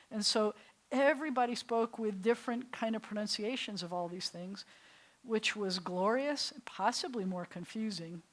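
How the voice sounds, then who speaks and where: An older New York woman leads a Hebrew class in a synagogue classroom. She meanders chattily and laughs easily, speaking at a middle pitch.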